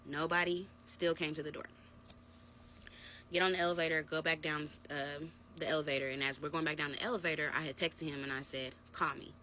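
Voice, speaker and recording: A woman's voice: low-pitched, brisk, slight background noise. A woman telling a personal story in a casual, chatty storytime vlog, talking straight to her viewers. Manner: chatty, animated, addresses viewers as y'all.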